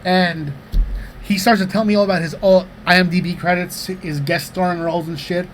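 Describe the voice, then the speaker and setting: A man's voice: high-pitched, normal speed, soft background music. Chatty man telling profane stories. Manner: rambling, profane, animated anecdotes. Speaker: podcast co-host. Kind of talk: casual comedic storytelling.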